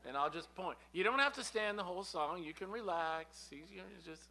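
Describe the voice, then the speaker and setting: A man's voice: sits high, lively intonation, fairly quick. A male musician chatting and joking with a congregation as he sets up a sing-along. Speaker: church musician. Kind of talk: casual talk to a congregation. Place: spiritual center service room. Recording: live speech over loud piano.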